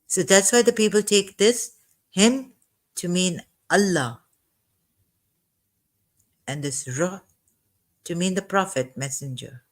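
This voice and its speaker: A slow-spoken commentator works through a scripture verse word by word, lingering on single terms and circling back to them. The delivery halts often, with repeated words and fresh starts, and a cough keeps coming back. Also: medium pitch. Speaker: religious commentator.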